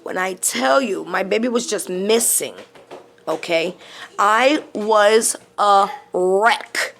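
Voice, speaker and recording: A middle-aged woman with a gravelly voice giving a casual tarot reading, blunt and outspoken, going from murmurs to animated storytelling. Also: medium pitch, slow, a little hiss or hum. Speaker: tarot reader and channel host.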